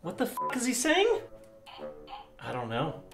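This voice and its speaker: High-voiced swearing comedic male vlogger. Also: huge pitch swings, measured pace, creaky, heavy background noise. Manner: profane, joking, laughs often. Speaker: YouTube host. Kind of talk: comedic product review. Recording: echoey room with faint music.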